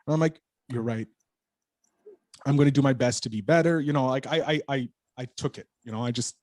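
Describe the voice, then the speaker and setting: Guy guesting on a podcast, rambling animated story, cusses a lot, mid-pitched, dry close mic. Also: fairly quick, no echo. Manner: animated storyteller, swears freely. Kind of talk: casual storytelling interview.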